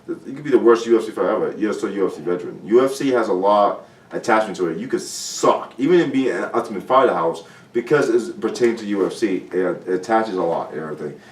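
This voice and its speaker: A man talking as a guest fighter in a casual podcast chat, blunt and profane with animated storytelling. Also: lowish voice, fast. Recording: roomy sound from a distant mic.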